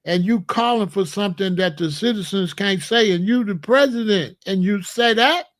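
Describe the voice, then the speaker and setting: A man's voice: high-pitched, moderate pace, a bit bright. A man hosting solo political commentary, talking emphatically and repeating incredulous rhetorical questions. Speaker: commentary channel host.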